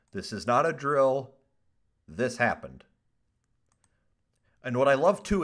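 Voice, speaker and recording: A man hosting a casual podcast, reading odd news stories aloud with jokes, swearing and laughter. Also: medium pitch. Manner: animated, laughs often, swears, ad-libs jokes.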